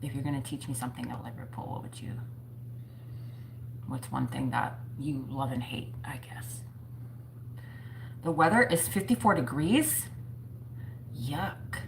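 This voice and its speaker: A woman's voice: very deep voice, measured pace, gravelly, pauses often, slight background noise, rough recording. A woman hosting a casual livestream from home, chatting with viewers in a playful, self-mocking way. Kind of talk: casual chat.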